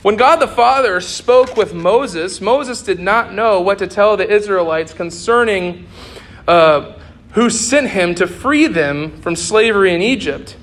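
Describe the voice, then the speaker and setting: High-voiced earnest young male preacher. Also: animated, a little slow, a bit bright. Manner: earnest, repeats phrases for emphasis. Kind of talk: sermon.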